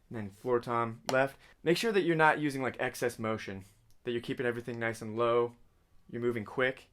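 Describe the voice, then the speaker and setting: A man's voice: medium pitch, moderate pace, background noise. A man teaching a drum lesson in a casual way, singing drum patterns with vocal syllables and calling out right and left stickings. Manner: calls out stickings and counts beats. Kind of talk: casual instructional talk. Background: drums and music playing.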